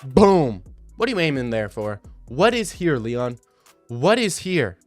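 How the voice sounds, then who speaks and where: A young man in his twenties giving casual, animated and mocking commentary over fight replays. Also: mid-range voice, measured pace, no room sound, faint music behind. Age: 20s. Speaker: video commentator.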